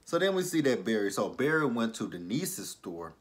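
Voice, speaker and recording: A man's voice: mid-range voice, sing-song, moderate pace. A man giving a casual, chatty recap of a TV episode, loose and full of fillers. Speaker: TV show reviewer.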